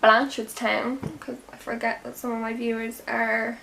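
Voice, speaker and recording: A young Irish woman chats away while she does her makeup, rambling from one story to the next and sometimes dropping to a soft half-whisper. Her voice sits a little high with a gravelly fry, and a faint hiss runs behind it. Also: completely flat delivery, moderate pace. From Ireland. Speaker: beauty vlogger. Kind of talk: chatty get-ready-with-me vlog. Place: home room.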